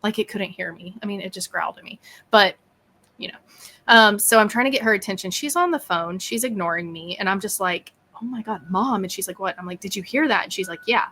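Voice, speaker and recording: Bright-voiced woman telling a story. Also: mid-range voice, fairly quick. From East Texas. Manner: animated, acts out quoted dialogue. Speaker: podcast host and guest. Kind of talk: casual interview storytelling.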